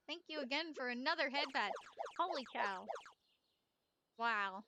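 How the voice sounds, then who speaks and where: A woman streaming a game live, excitable and giggly as she chats with viewers. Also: a little high, a little slow, long pauses, very noisy. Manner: excitable and giggly, talks to chat. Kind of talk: casual live-stream gaming chat.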